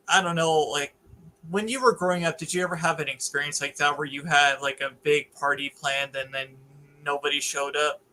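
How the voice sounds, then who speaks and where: A man's voice: on the high side, fairly even intonation, moderate pace, bright, forceful tone, rough recording. A man co-hosting a book club podcast, talking through a novel in a hesitant, casual way with many restarts. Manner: hesitant, lots of fillers and restarts. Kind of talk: casual chat about a novel.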